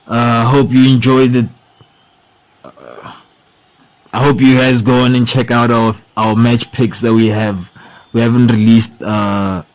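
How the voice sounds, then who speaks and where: A man's voice: medium pitch, darkish tone, poor audio. A young man hosting a sports podcast, rambling in casual talk, swearing freely and saying "bro" and "dude" a lot. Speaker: podcast host.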